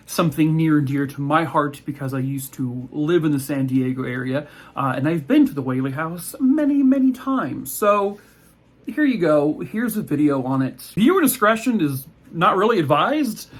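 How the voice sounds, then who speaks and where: A man who makes true crime videos, talking in a joking, irreverent way, with swearing and asides. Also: fairly high pitch. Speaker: true crime TikTok creator. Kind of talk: casual chat and comedic history narration.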